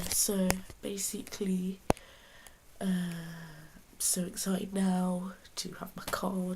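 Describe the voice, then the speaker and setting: A young woman, chatting excitedly in a casual vlog with lots of fillers and a soft, half-whispered morning voice. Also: on the low side, gravelly, background noise. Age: young adult. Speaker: vlogger.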